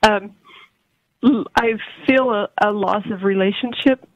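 A woman's voice: medium pitch, unhurried, dry recording. A woman in her late forties calling in to a talk show, hesitant and stammering, with many restarts. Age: 40s. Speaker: caller. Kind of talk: call-in phone conversation. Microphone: telephone. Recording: dull phone line.

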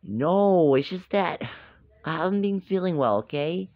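A woman voicing a gloomy, sulky pet dog in a deep, gravelly put-on voice for a toy play-acting video. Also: animated, slow pace, phone-quality sound. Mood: grumbly.

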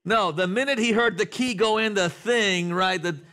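A man preaching a sermon to a congregation in a church, talking conversationally, asking the room questions and building to loud, animated passages. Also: high-pitched, moderate pace. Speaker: pastor. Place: church sanctuary before a congregation.

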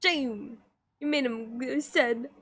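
Woman streamer, casual drawing-stream chat; high voice, slow easygoing delivery, giggly and teasing. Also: a bit bright.

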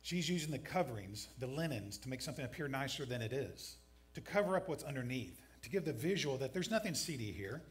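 A man's voice: mid-range voice, expressive, fairly quick. A man pastor giving a conversational sermon in a church, mixing scripture with dry jokes. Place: church sanctuary.

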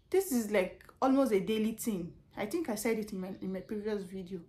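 A woman's voice: mid-range voice, unhurried. Nigerian woman telling work stories. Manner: animated storytelling with laughs and repetitions. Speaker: customer service representative. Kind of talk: casual vlog chat.

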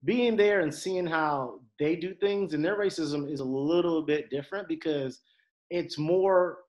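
A young man, a podcast guest, telling a story in casual chat, animated and quick to act out the voices of others. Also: a little high. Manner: animated, acts out quoted voices, frequent restarts.

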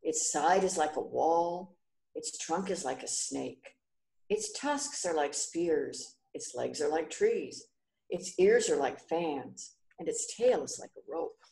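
A woman voicing a wise young prince who speaks gently and patiently in a storybook reading. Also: low-pitched, lively intonation, slow pace, creaky, roomy sound, exaggerated voice. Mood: gentle.

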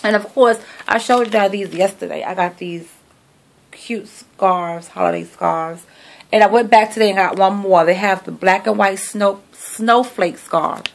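Gravelly-voiced chatty woman vlogger. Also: medium pitch, a little slow. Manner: chatty, sassy, talks to viewers like friends. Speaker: vlogger showing a shopping haul. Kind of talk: casual chat to camera. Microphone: phone camera.

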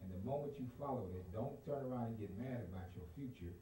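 Male preacher, very low voice, emphatic live sermon, heard from off-mic in an echoey church on a noisy stream. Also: animated, quick pace, far from the mic. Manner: emphatic, repeats himself, talks directly to the congregation.

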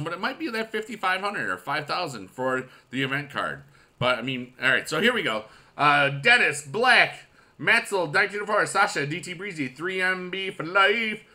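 Excitable bright-voiced man gaming. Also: on the high side. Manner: excitable, goofy, with loud shout-outs. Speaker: mobile game YouTuber. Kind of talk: casual gaming commentary.

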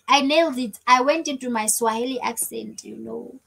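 A woman's voice: fairly high pitch, steady tone, moderate pace, gravelly, fairly bright tone, husky, low-quality recording. A woman hosting a casual live stream, chatting effusively and thanking viewers over and over. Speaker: livestream host.

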